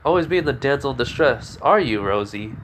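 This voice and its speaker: A man's voice: medium pitch, expressive, fairly quick, background noise, close to an everyday voice. A young man voicing a cocky, powerful male hedgehog hero in a fan story, smug and teasing. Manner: smug and teasing, flustered when embarrassed.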